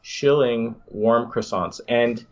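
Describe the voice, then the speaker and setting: A man's voice: medium pitch, takes it slowly, lo-fi sound. A man hosting a podcast, chatting casually and enthusiastically with some rambling restarts. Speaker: podcast host.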